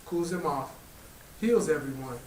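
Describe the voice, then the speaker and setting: A man, a community spiritual teacher, telling a parable to a live gathering in a relaxed storytelling way. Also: on the high side, measured pace, a little hiss or hum. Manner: relaxed storytelling, lively quoted animal voices. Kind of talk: storytelling talk to a live audience. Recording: roomy echo, voice from far off the mic.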